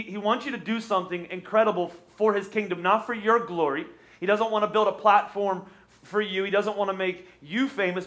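A man, an energetic pastor preaching a sermon from a church stage and urging the congregation to respond. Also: sits high.

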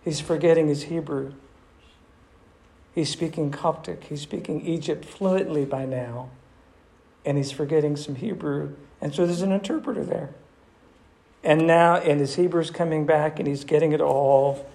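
Gravelly-voiced animated male preacher. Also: a little high, moderate pace. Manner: animated, emphatic storytelling. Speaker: pastor. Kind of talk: sermon, reading and retelling scripture.

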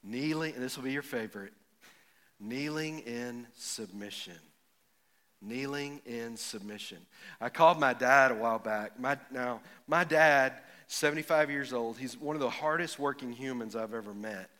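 A middle-aged man preaching a sermon with folksy stories, building from quiet reflection to emphatic punch lines. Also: mid-range voice, moderate pace. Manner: folksy storytelling, rising to emphatic, builds up to jokes. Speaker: pastor. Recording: echoey hall with long reverb.

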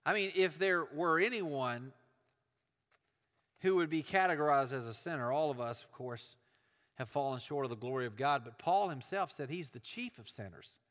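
A man's voice: fairly high pitch, expressive, moderate pace, fairly bright tone, long reverb tail. A man preaching a sermon, earnest and building emphasis through repetition.

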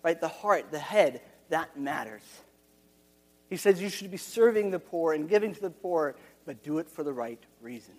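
A man's voice: on the high side, expressive, moderate pace, darkish tone, long reverb tail. A man preaching a sermon, earnest and repeating his key phrases, with frequent restarts.

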